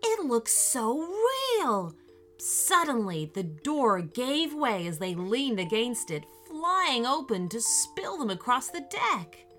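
Slow, bright-voiced woman storyteller. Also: a little high, soft background music. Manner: gentle, expressive read-aloud delivery. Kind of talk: scripted children's story narration.

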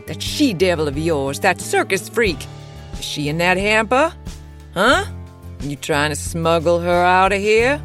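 A woman's voice: lowish voice, big pitch swings, a little slow, fairly bright tone, faint music behind. A woman voicing a male thug henchman who speaks in a sneering, threatening way. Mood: menacing.

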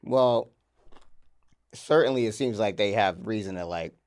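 A man's voice: fairly low pitch, unhurried, darkish tone. A man co-hosting a podcast in a laid-back, rambling casual chat, laughing often. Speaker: podcast co-host.

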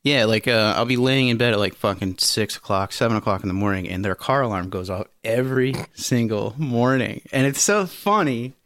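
A man's voice: medium pitch, fairly quick, few pauses, fairly bright tone, no room sound. Swearing, rambling podcast guy. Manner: profane, rambling storyteller, laughs often. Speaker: podcast co-host. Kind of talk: casual podcast chat.

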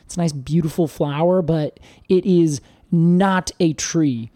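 A man's voice: fairly high pitch, unhurried, mellow, dry recording, clean studio sound. A man co-hosting a podcast in casual chat, rambling and often searching for words with fillers. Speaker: podcast co-host.

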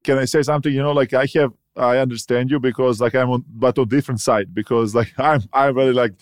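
A man who is not a native English speaker, a guest on a chat podcast, talking in a halting way and searching for words. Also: medium pitch, fairly even intonation, no echo, studio quality. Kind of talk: casual chat.

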